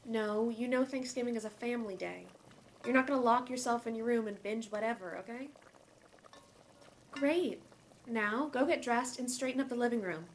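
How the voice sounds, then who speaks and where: A woman acting a mother who runs the household, brisk and bossy with her family. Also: a little high, a little hiss or hum. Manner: brisk, bossy, then tearful. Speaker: mother hosting family holiday. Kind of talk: scripted family drama acting.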